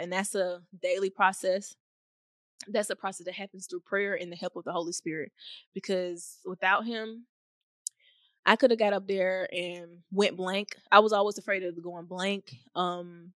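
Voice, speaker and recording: A young woman hosting a faith-based podcast, talking in a rambling, heartfelt way with many fillers, at times near tears and laughing softly. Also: medium pitch, no room sound, clean studio sound. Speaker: podcast host.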